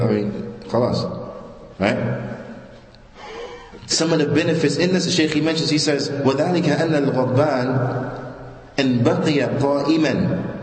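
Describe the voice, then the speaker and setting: Man preaching in an echoey mosque hall. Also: mid-range voice. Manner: animated, asks the audience rhetorical questions, informal street phrasing. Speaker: speaker giving a religious lecture. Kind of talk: sermon.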